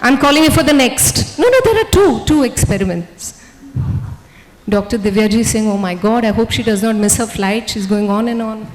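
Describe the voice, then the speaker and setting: A woman giving an energetic motivational stage talk, coaxing volunteers and the audience. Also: on the high side, normal speed, long reverb tail, rough recording. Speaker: motivational speaker.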